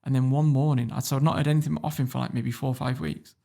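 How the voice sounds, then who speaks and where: Speaking fast in British English, a podcast guest in his thirties delivers a casual story with animated, blunt, swearing energy, his mid-pitched voice carrying a gravelly rasp.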